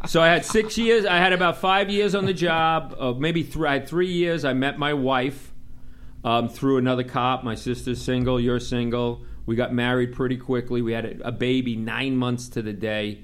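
A middle-aged man from Long Island with a New York accent, telling profane, animated stories in casual talk and mimicking the people in them. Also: medium pitch, unhurried. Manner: animated, profane, mimics others in quoted dialogue. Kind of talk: casual storytelling.

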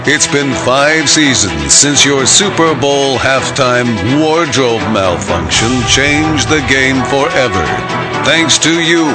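A man voicing a mock sports-film promo narrator in a slow, grave announcer delivery. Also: medium pitch. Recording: music bed behind voice.

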